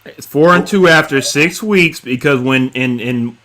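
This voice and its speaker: A man's voice: medium pitch, a little slow, pushed and bright. A man hosting a casual talk show, steering the talk and handing topics to guests. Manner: steers conversation, introduces guests. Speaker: show host.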